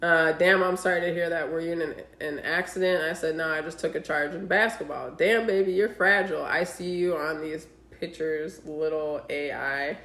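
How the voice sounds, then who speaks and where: A deep-voiced woman, co-hosting a casual podcast, speaks at a moderate pace with hardly any pauses in a roomy, echoing recording. She tells dating stories with animated delivery, acting out the quoted texts and swearing heavily.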